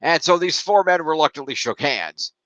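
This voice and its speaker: A man co-hosts a casual podcast, rambling through recaps and tallying points aloud. His pitch moves around a lot as he talks. He is recorded on a dull, lo-fi microphone with a dry sound. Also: lively intonation, moderate pace, a bit bright, no echo. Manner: rambling, counts points aloud, trails off while looking things up. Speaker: podcast co-host scoring a fantasy league. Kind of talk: casual chat.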